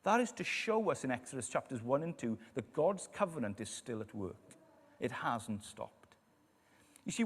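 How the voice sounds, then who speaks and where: A man preaching a sermon in a church, telling stories and dropping to quiet emphasis on key lines. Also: on the high side. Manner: storytelling, lively, drops to quiet emphasis. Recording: echoey church hall.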